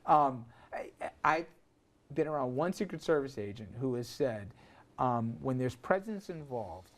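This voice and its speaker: A man's voice: medium pitch, expressive, measured pace. A man hosting a television talk show, leading a casual panel discussion with lots of fillers and easy laughter. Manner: conversational, laughs easily, many fillers.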